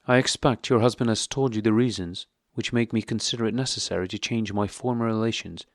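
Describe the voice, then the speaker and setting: A low-voiced male reader as a cold, formal, wounded husband, measured and dry. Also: no room sound, lightly acted. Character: cold, stiff, wounded middle-aged husband.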